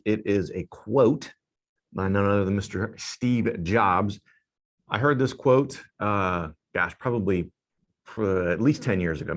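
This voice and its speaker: A man hosting a talk show, speaking casually with relaxed fillers and restarts. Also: lowish voice. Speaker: show host.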